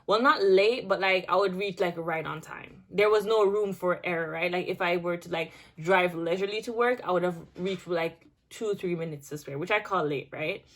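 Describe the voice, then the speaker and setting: A young woman vlogger telling a casual storytime, chatty and animated, with many restarts and filler words. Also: fairly low pitch, moderate pace, hardly any pauses.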